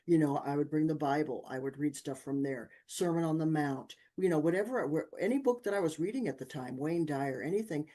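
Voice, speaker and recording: Mellow-voiced woman telling stories. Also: low-pitched, fairly quick, few pauses. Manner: lively anecdotes with acted-out quotes. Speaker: guest. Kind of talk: conversational storytelling.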